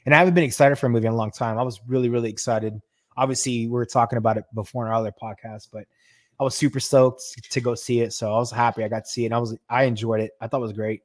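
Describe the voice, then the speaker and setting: A man's voice: medium pitch, racing, dry recording. A man in the middle of his range chats on a podcast, retelling scenes with loose energy and frequent restarts. His voice sits close and dry on the mic, with no room around it. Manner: animated storyteller, stumbles and restarts, swears freely. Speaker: podcast co-host. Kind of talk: casual chat.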